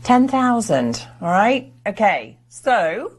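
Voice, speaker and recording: A woman's voice: medium pitch, very animated, slow. A woman presenting as the art expert on a live televised auction, upbeat and enthusiastic about the pieces.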